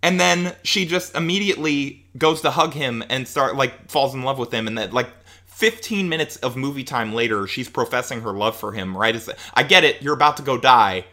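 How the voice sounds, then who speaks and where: Bright-voiced young man chatting. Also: medium pitch, normal speed. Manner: animated, many "like" fillers, acts out quotes. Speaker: podcast co-host. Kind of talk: casual chat.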